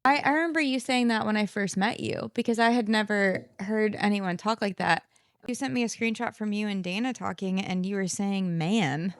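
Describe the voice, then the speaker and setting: A woman's voice: mid-range voice, brisk, no room sound, clean studio sound. Laid-back woman podcaster in her late 30s. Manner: laid-back, swears freely, rambles with restarts. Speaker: podcast co-host. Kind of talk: casual chat. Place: couch at home.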